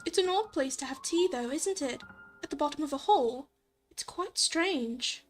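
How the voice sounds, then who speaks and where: A woman's voice: high voice, lively intonation, normal speed, faint music behind. A woman voicing a curious, polite young British woman in a shaky, put-on posh accent. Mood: puzzled.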